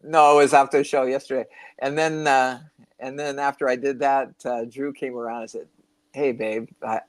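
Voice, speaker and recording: An older man co-hosting a spiritual talk podcast rambles through stories in casual chat, now and then losing his train of thought. His voice is mid-range, brisk and flat in delivery.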